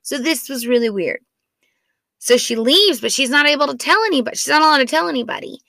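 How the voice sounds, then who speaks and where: Chatty bright-voiced mom with vocal fry. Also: female voice, high voice, fast, dry recording. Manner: chatty, rambling, self-deprecating, many "like"s. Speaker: mother of four telling a family story. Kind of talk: casual storytelling podcast.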